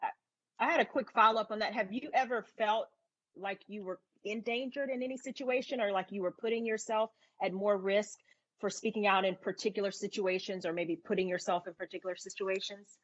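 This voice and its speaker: A woman co-host from the American South asks careful follow-up questions in a relaxed chat. Her pitch sits in a middle range. The call audio is slightly muffled. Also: a little fast. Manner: attentive interviewer, restarts then asks a careful question. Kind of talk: casual panel chat.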